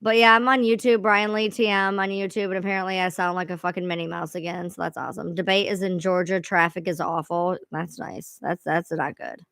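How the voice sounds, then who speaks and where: A woman's voice: lowish voice, flat delivery, fairly quick, gravelly, hardly any pauses, a bit bright, clean tone, no room sound. A woman hosting a casual livestream, rambling and swearing freely as she chats to viewers. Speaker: livestream host.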